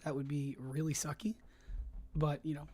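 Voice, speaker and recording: A livestreamer and fan filmmaker chats casually on stream while editing, his flat, husky mid-range voice at normal speed as he talks around a cough drop. He rambles hesitantly, full of fillers and restarts, into a desk microphone he tested on stream.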